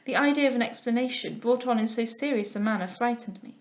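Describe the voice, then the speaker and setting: A woman's voice: on the high side, fast. Woman reading a classic novel aloud. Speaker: audiobook reader. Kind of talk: scripted narration of a classic novel.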